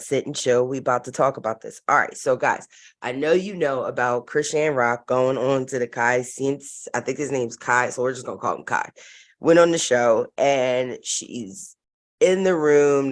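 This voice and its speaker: A woman's voice: very deep voice, moderate pace. A young adult woman hosting her own vlog, giving chatty, direct gossip commentary with plenty of slang. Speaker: vlog host.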